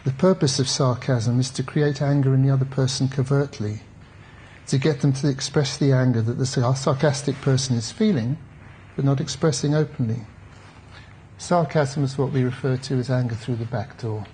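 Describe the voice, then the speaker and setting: A male therapist speaks to a conference audience at an ordinary pitch, reflective and conversational. He drops wry asides to the room as he goes. Faint background noise sits under the recording. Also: fairly even intonation, normal speed, mellow. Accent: British English. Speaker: therapist giving a conference talk. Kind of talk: conference talk.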